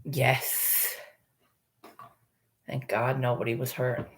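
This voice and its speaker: A woman's voice: a bass voice, little pitch movement, drawn-out words. A woman casually chatting with her livestream viewers, rambling, swearing freely and laughing often.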